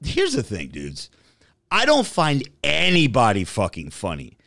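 A man in his thirties co-hosting a podcast in casual chat, profane and rambling, dropping into low mumbles and rising into loud rants. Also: wildly swooping pitch, measured pace, creaky, no echo, clean studio sound. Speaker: podcast co-host.

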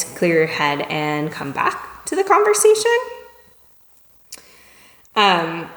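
A communication teacher with a medium-pitched voice gives a conversational lesson on empathetic listening, frequently checking in with "right?" or "okay?" and sometimes acting out short dialogues in lively voices. The recording is in an echoey room with long reverb.

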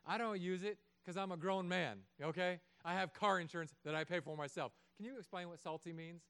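Man in his thirties, pastor, lively joking sermon, high smooth voice, church. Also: brisk. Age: 30s. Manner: animated, joking, acts out voices.

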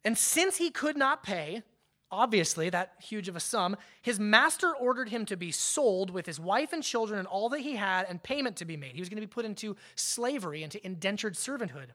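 A man preaching a sermon as pastor, conversational, with emphatic swells and hushed drops, often repeating words as he restarts a phrase. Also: high voice, sing-song, a little fast.

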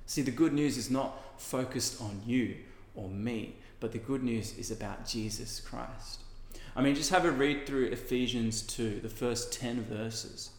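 A man's voice: medium pitch, a little slow, few pauses. Man preaching in an echoey hall. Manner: conversational, earnest preaching with casual asides. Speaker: pastor. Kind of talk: sermon. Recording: echoey hall with long reverb.

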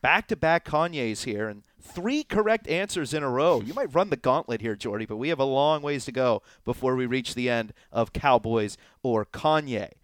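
A man's voice: mid-range voice, lively intonation, no echo. Playful man hosting a podcast quiz. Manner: playful, teasing quizmaster, drawn-out announcements. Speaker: podcast host running a quiz game. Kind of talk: casual podcast chat. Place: indoors, on location in Texas.

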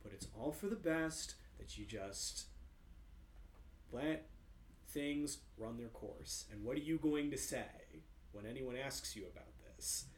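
A man doing a smooth, creepy villain. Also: medium pitch, a little slow, slight background noise, close to an everyday voice. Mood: menacing. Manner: falsely friendly, coaxing, menacing. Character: smooth-talking sinister male villain who hypnotizes people. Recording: roomy echo.

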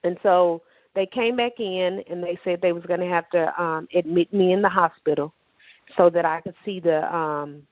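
A woman's voice: on the low side, fairly even intonation, moderate pace, no room sound, lo-fi sound. A woman telling her personal faith testimony in an emotional, emphatic way, acting out the dialogue as she goes. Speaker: testimony speaker.

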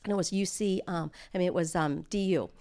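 A woman's voice: lowish voice, quick pace, a little mellow. A middle-aged woman giving a sermon, telling personal stories in an earnest way and building to emphatic exhortation. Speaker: speaker at a church.

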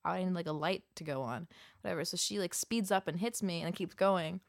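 A woman's voice: on the low side, fairly quick, gravelly, no echo, clean studio sound. A young woman telling a friend a long story in casual chat, rambling with lots of fillers. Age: young adult. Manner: rambling, many fillers, acts out quoted voices.

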